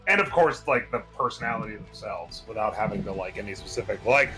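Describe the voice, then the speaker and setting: A man's voice: on the low side, expressive, fast talker, music in the background, poor audio. A man joining a friend's gaming stream, laid-back and laughing a lot, swearing casually. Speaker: guest playing along on the stream. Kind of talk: casual chat while gaming.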